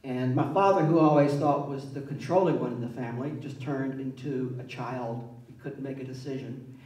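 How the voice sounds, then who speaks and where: A man's voice: medium pitch, normal speed. A man, telling wry personal stories at a public talk and acting out the voices in them. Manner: wry, animated, acts out voices in his stories. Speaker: author speaking at a public event. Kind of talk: personal storytelling. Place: museum event space. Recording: roomy hall, mic at a distance.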